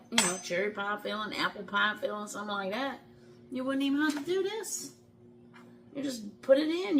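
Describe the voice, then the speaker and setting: In her kitchen, a middle-aged woman with a slightly high voice hosts a home cooking vlog over some background noise. She's chatty and folksy, calls her viewers y'all, and laughs easily as she chats casually.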